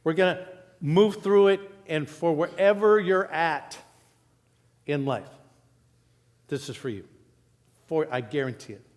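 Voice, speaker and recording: A man preaching a sermon as pastor, telling a funny story in a lively, animated way. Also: a little high. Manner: storytelling, animated, quotes people in raised voice. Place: church auditorium. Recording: live church hall with long reverb.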